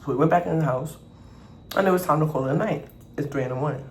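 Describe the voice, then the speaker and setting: A man vlogger telling a storytime over an eating show, animated and acting out the people in his story. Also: fairly high pitch, fast. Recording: echoey room, faint background noise.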